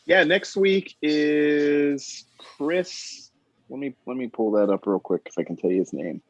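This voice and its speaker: A man co-hosting a comics podcast, talking casually and excitably, with lots of fillers and easy laughs. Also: on the high side, measured pace, dry recording. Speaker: podcast co-host. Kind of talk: casual chat. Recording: dull dry lo-fi sound.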